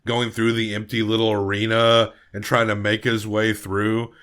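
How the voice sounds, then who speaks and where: A man hosting a film podcast, recapping and rating movies in a relaxed, rambling way with many fillers. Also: fairly low pitch, normal speed, clean tone. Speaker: podcast host. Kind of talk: casual film review chat.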